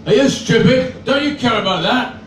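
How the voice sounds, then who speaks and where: A man voicing an irate, officious male transport official who shouts indignantly. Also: very high-pitched, animated, normal speed, a little hiss or hum, pitched above the performer's own voice. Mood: outraged. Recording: roomy sound from a distant mic.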